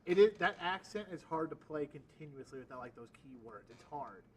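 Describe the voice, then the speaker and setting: A man co-hosting a casual chat, talking quickly and using lots of filler words. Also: a little high, expressive, darkish tone, far from the mic, poor audio. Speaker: co-host.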